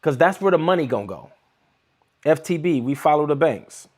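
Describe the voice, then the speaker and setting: A man's voice: a little high, lively intonation, normal speed, a little mellow. Hyped man livestreaming to his chat. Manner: hyped, talks straight to his chat viewers. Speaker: livestream trading host.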